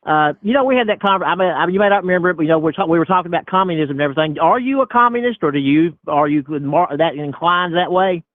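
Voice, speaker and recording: Male caller, rambles, repeats himself, rapid speech, tinny dry phone line. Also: on the high side, no room sound. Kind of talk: phone call-in chat.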